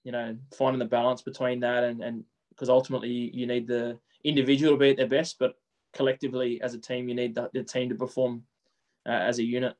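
A man, a coach answering interview questions in quick runs with frequent repeated words. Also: medium pitch, little pitch movement, darkish tone.

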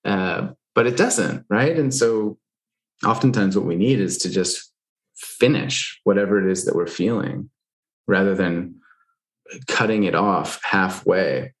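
Deep-voiced man chatting candidly. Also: measured pace. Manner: loose and candid, many fillers, swears freely. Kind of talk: casual conversation.

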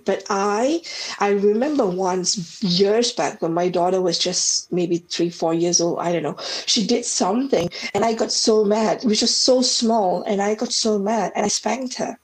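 Woman guest in her 40s, from Singapore; heartfelt, reflective storyteller, mid-pitched voice. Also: unhurried, rough recording. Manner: heartfelt, reflective, with many restarts. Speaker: podcast guest. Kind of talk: emotional personal storytelling.

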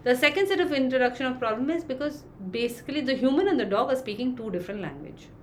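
A woman's voice: sits high, animated, quick pace, slight background noise. Woman dog trainer explaining patiently. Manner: explains with acted-out examples, many fillers. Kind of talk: interview answer, explaining.

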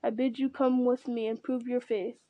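Commanding aging king, read by a woman, slightly high voice, dry close sound. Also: flat delivery, moderate pace, dry recording, phone-quality sound, close to an everyday voice. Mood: stern. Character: stern aging male king.

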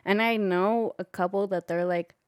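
A woman's voice: mid-range voice, fairly even intonation, normal speed, dry recording. Young woman gabbing candidly, lotta "like"s, mid voice, dry. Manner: candid, chatty, fond of "like". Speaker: guest. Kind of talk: casual chat.

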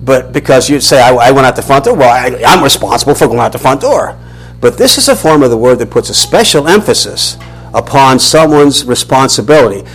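A man's voice: mid-range voice, fairly quick, breathy edge, poor audio. A man, teaching a Bible lesson as a sermon, questioning and restarting often. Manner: animated, questioning, many restarts.

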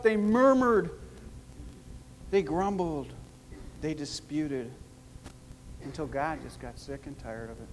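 A pastor preaching a sermon, emphatic and repetitive, with wide swings in pitch and loudness. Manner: emphatic, repeats key phrases, big swings in pitch and loudness. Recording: long hall reverb with faint noise.

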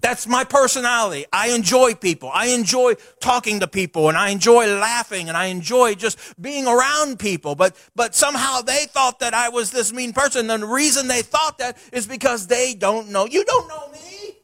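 A middle-aged man, a pastor preaching a sermon to his church in a folksy, animated way with chatty asides. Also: extremely high pitch, moderate pace, few pauses, dry recording, studio quality. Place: church sanctuary.

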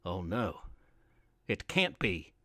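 A man's voice: low-pitched, big pitch swings, slow, no room sound, clean studio sound, voice pushed down, exaggerated voice. A man voicing an old grandfather, frightened and calling out urgently for his grandson. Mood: fearful. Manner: urgent shouting calls.

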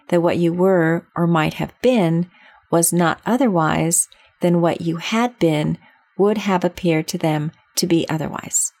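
A woman's voice: fairly low pitch, darkish tone, no room sound. A woman voicing a pompous, moralizing duchess who agrees with everything, reading a storybook.

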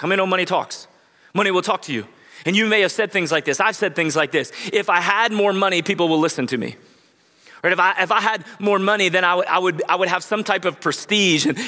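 A man pastor preaching a conversational sermon, with lively acted-out quotes. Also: high-pitched, in a large hall. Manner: energetic, conversational, acts out quotes. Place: church sanctuary.

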